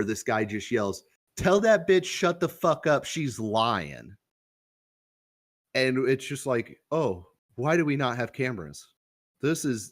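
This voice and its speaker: A young man co-hosting a podcast, telling a story in a loose, profane, casual way and acting out the quoted lines. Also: mid-range voice. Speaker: podcast co-host.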